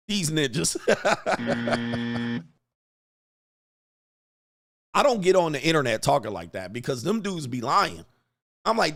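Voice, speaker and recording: Man, livestream host, casual, slangy, profane, joking, laughs a lot, mid pitch. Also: very animated, normal speed, fairly bright tone. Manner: loose, joking, profane, reads viewer comments aloud; laughs often, slangy street talk.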